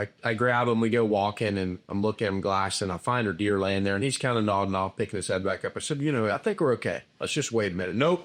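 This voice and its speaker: A man casually telling a bow hunting story, plain and a little halting. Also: on the low side. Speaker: outfitter guest.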